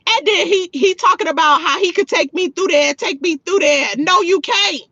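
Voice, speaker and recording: A woman's voice: extremely high pitch, normal speed, pushed and bright, no room sound, lo-fi sound. A woman hosting a livestream in a sassy, mocking way, talking to her chat. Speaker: livestream host. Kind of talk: livestream chat reacting to viewers.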